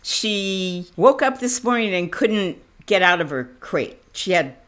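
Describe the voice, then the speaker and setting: A woman guest on a chat podcast, telling a rambling, animated anecdote and acting out the other people's lines. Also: medium pitch, a little slow. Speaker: manager, phone-in guest. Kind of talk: casual storytelling. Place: her own home.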